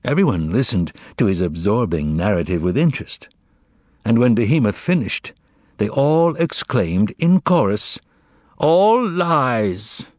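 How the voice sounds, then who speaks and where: A man narrating an audiobook with an expressive, lively reading. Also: fairly low pitch, normal speed, no echo. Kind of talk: scripted narration.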